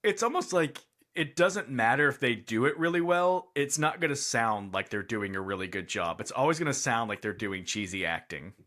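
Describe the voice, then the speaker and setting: A man's voice: mid-range voice, animated, normal speed, few pauses, fairly bright tone. Man musing over a film review. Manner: thoughtful, hedging, frequent fillers. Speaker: podcast co-host. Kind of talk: casual movie review chat.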